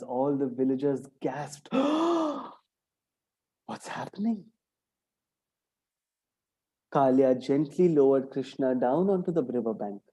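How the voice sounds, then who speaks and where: A man telling a story to young children, expressive and full of sound effects. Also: mid-range voice.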